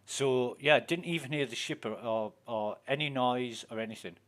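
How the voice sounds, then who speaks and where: Yorkshire guy streaming a game, swears a lot, rambles on, middle pitched voice. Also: normal speed, fairly bright tone. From Yorkshire, England. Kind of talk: casual chat while gaming.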